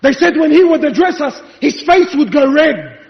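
A man's voice: very high-pitched, big pitch swings, normal speed, gravelly. A male preacher giving an impassioned, rhetorical sermon, challenging his listeners. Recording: echoey hall, dull lo-fi sound.

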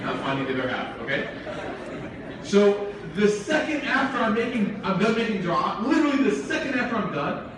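A man's voice: fairly high pitch, a bit bright. Humorous man speaking in an echoey hall. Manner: humorous storytelling with frequent asides. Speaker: Islamic speaker. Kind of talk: informal religious talk. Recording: very echoey hall, from far off, faint noise.

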